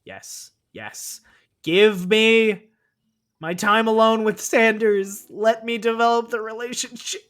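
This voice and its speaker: A woman streamer giving playful, excitable commentary during a game playthrough. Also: on the high side, slow.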